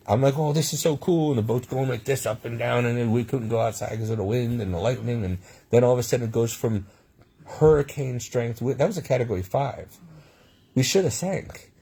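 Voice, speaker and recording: A man's voice: medium pitch, mellow, breathy edge. A man telling his own life stories in a rambling way, with frequent restarts and asides. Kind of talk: personal storytelling monologue.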